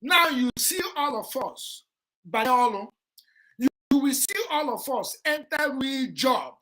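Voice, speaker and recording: A Nigerian-accented woman with a notably high voice delivers impassioned livestream commentary. She repeats herself for emphasis and talks straight at the person she criticizes, lecturing with force. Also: animated, a little slow. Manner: forceful, repetitive, lecturing, addresses a rival directly. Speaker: vlog host.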